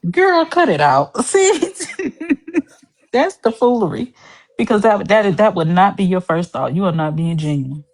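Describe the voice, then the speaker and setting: A woman's voice: medium pitch, sing-song, unhurried, rough recording. A woman in casual chat, reacting bluntly to what the host says.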